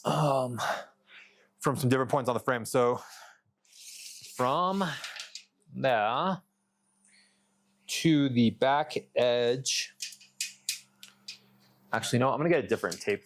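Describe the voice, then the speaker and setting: A man in a workshop vlog talks the viewer through his fabrication work in a loose, rambling way. His pitch sits in an ordinary middle range, and he mutters and curses under his breath as he goes. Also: takes it slowly, pauses often, a little hiss or hum. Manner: loose and rambling, talks to camera while measuring; mutters and swears to himself mid-task. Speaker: custom truck fabricator.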